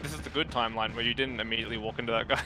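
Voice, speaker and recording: A man's voice: medium pitch, steady tone, racing, pushed and bright. A man watching a friend play a game, chatting casually in a dry, teasing way and slipping into silly voices for jokes. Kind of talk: casual chat while gaming. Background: game music.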